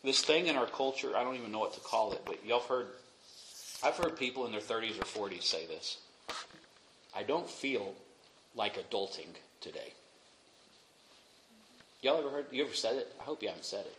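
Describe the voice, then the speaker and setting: A young man delivers a sermon from the pulpit of a church sanctuary. His voice sits at an ordinary pitch, swinging between hushed asides and loud, emphatic peaks. The recording is roomy and echoey, with a faint hiss underneath. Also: lively intonation, quick pace. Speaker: pastor. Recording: echoey room, faint noise.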